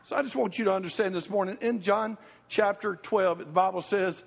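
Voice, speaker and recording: A man's voice: high-pitched, brisk, creaky. A middle-aged man preaching a sermon, folksy and emphatic, repeating his key phrases. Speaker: pastor. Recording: reverberant church hall, dull lo-fi sound.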